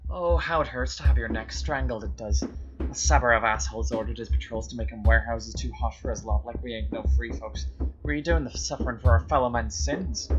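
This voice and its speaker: A man reading as a coarse, foul-mouthed gang boss who spits out bitter, vengeful threats in a rough folksy dialect, the accent drifting as he goes. The voice sits at an ordinary middle pitch, and loud game music plays behind it. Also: normal speed, muffled recording, natural voice. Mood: aggrieved. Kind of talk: reading game dialogue aloud.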